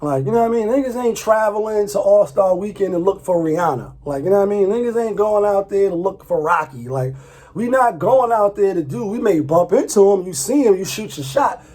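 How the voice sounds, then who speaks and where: Husky-voiced man ranting casually. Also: high voice, animated, a little fast, darkish tone. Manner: loose, profane, repeats himself, laughs often. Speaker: vlogger. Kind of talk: casual commentary.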